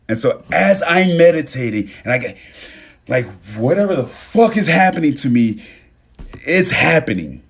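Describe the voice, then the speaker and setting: A man's voice: fairly high pitch, sing-song, moderate pace, pauses often, breathy edge, soft background music. A man hosting a phone live stream, speaking casually and emotionally, swearing freely and thanking viewers by name. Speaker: livestream host.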